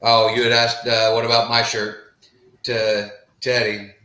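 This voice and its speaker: Co-hosting a live-stream podcast, a middle-aged man drawls through casual chat and viewer comments, leaning on plenty of filler phrases. His medium-pitched voice is sharp and completely flat, a little slow, and the room is reverberant.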